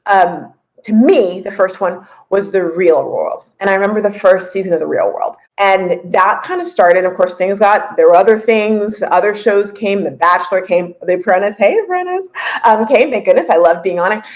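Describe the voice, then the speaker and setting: A woman in her forties hosting a casual podcast and coaching listeners, chatty and lively, often laughing and repeating points for emphasis. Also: mid-range voice, moderate pace, rough recording. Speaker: podcast host and business coach.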